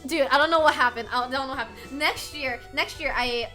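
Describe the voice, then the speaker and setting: A young adult woman streamer telling a story to her chat in a casual, animated way, laughing often and swearing freely. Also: sits high, a little fast, faint music behind. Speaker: livestreamer.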